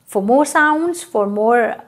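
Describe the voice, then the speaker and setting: A woman's voice: a little high, lively intonation, takes it slowly. A woman, teaching a language lesson. She repeats each word and keeps checking in with "right?". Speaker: French teacher.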